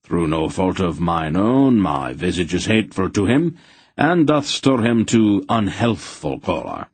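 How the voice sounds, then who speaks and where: A stiff, formal young knight as a man reads him delivers measured, old-fashioned lines in a low voice. The tone is husky and close, with a dry sound for an audiobook. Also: sing-song, no room sound, exaggerated voice. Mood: grave.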